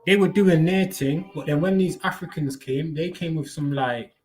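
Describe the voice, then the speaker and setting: A man's voice: fairly high pitch, normal speed, a little mellow, soft background music. A man chatting casually on a live stream, slangy and rambling, swearing freely.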